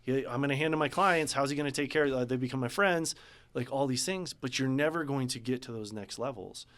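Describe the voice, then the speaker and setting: A man speaking as a business coach guest in a podcast interview, earnest and animated when telling a story. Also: medium pitch, fairly quick. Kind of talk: casual interview talk.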